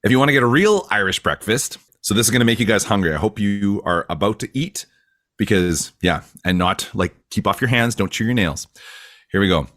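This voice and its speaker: A man's voice: on the low side, expressive, brisk, fairly bright tone, no echo, studio quality. A man co-hosting a podcast, chatting casually and rambling with lots of fillers. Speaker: podcast co-host.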